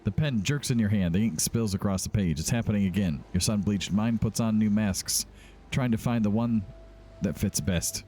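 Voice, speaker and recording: A man's voice: lowish voice, normal speed, warm tone, slight background noise. A man casually hosting a let's-play video, reading the game's text aloud with chatty asides. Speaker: gaming video host.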